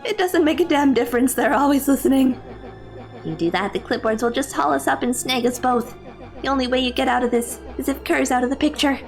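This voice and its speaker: A woman voicing a tough young bully in a game, speaking gruffly and bluntly. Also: sits high, fairly quick, soft background music. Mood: urgent. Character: tough boy bully turned self-sacrificing.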